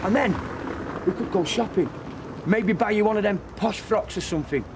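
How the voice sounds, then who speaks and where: A man's voice: high voice, moderate pace, noisy background. An actor playing a cocky man coaxing his wife to take him back.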